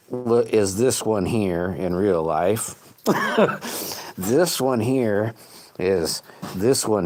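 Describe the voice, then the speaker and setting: A low-pitched man chatting through a livestream as he works. His voice swings up and down a lot, and he rambles in a folksy way, restarting his sentences and chuckling at himself. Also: darkish tone. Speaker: livestream host making slingshots. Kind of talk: casual livestream chat while working.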